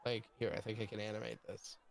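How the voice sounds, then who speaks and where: A man narrating as game master of a tabletop role-play game, relaxed and unhurried. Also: fairly low pitch, vocal fry, slight background noise.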